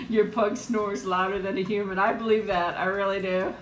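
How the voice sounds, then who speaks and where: A woman's voice: mid-range voice, roomy sound, a little hiss or hum, low-quality recording. A woman hosting a casual live-chat eating stream from home, talking in a rambling way and laughing often. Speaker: livestream host.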